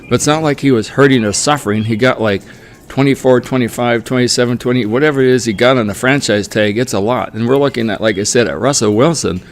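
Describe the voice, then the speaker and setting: A man's voice: medium pitch, quick pace. Opinionated man ranting about sports contracts. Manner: opinionated, mocks players in whiny quoted voices. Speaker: sports commentary vlogger. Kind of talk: casual opinion monologue.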